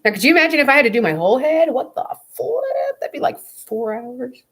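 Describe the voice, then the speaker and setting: A woman's voice: a little high, lively intonation, a little fast, fairly bright tone, breathy edge. A young woman chatting casually to camera on her vlog, blunt, profane and rambling. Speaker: vlogger.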